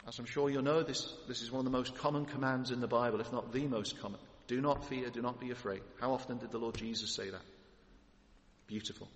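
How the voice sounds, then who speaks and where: A man's voice: medium pitch, fairly even intonation, a little fast. A man preaching an expository sermon in a church, building to emphatic lists of titles. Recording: echoey hall with long reverb.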